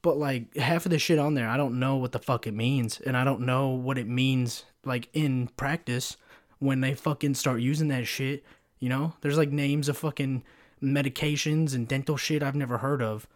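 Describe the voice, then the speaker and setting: A man's voice: mid-range voice, steady tone, moderate pace. Young man, solo podcast host, foul-mouthed rambling rant, close mic. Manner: profane, rambling storytelling with many fillers. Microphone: pop filter mic.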